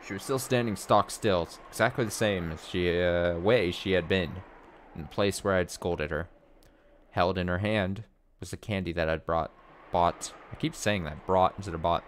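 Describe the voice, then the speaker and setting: A man's voice: deep voice, normal speed, slight background noise. A man streamer reading a visual novel aloud and breaking off to react and joke. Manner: reads narration, then breaks off to react and joke. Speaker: let's play streamer. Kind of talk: reading a game aloud with commentary.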